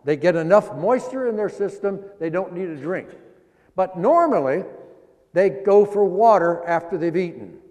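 High-pitched guy preaching a folksy sermon, long echo like a big church. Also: lively intonation, darkish tone. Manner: explanatory, folksy, slows down to stress scripture. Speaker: pastor.

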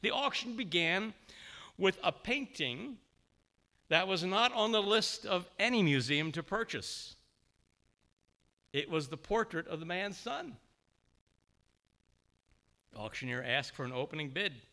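Animated, bright-voiced male preacher. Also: high voice, measured pace, pauses often. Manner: animated storyteller, voicing characters. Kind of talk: sermon storytelling.

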